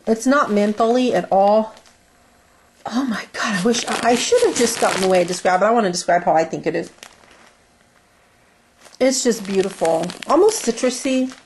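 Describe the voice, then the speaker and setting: A woman reviewing a haul of handmade beauty products in a relaxed, casual way. She gushes over each scent, drawing out her words in a dreamy, enthusiastic flow. Her voice sits in a middle range, with faint noise behind it. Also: mid-range voice, moderate pace, pauses often. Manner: gushing, dreamy, lingers over words while smelling products.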